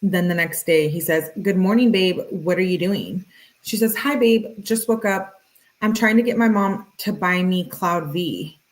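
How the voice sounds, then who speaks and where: Low-voiced woman reading texts aloud. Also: measured pace, poor audio. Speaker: true-crime video host. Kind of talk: reading text messages aloud with casual asides.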